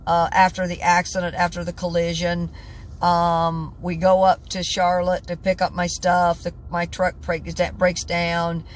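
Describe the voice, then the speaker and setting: A tired woman in her sixties talking in a casual vlog, stressed and halting, often repeating herself and restarting sentences. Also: on the low side, monotone, slight background noise. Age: 60s. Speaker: vlogger. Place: in her truck at a truck stop.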